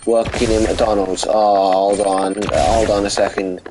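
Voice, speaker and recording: A man's voice: lowish voice, flat delivery, measured pace, noisy background. A man ranting casually and rambling, with lots of swearing and exasperation. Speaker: vlogger. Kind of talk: casual rant.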